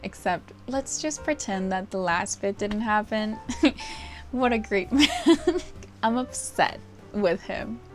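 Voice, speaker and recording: A young woman talking casually as a book vlogger, gushing and animated, laughing often and swearing now and then. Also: mid-range voice, slow, faint music behind. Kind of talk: casual chat.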